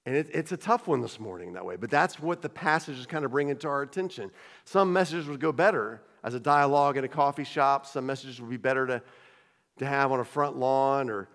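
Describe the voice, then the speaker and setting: A man's voice: mid-range voice, brisk, fairly bright tone. A man preaching a conversational sermon as pastor of his church, often repeating and restarting phrases. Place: church sanctuary. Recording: long hall reverb.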